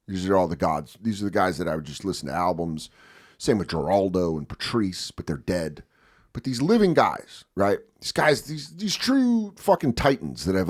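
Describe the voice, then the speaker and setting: A man in his thirties, a comedian guest on a podcast, talking casually in a profane, animated way and acting out the people he quotes. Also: lowish voice. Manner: profane, animated storyteller who acts out quotes.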